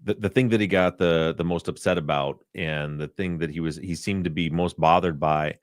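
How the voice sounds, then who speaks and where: A man's voice: low-pitched, fairly even intonation, normal speed, no room sound, clean studio sound. A man co-hosting a podcast, asking questions earnestly in casual conversation and searching for his words. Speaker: podcast co-host.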